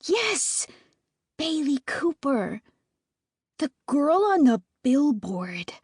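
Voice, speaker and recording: A woman voicing an eager, admiring little sister in a high, sweet girlish voice for an audiobook. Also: very animated, very slow, a little mellow, dry recording, clean studio sound, full character voice. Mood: adoring.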